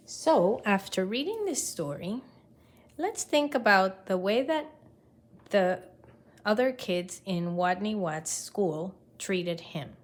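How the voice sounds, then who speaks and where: A woman reading a picture book aloud to children in an expressive way, pausing to ask her listeners questions. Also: medium pitch. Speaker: storybook reader.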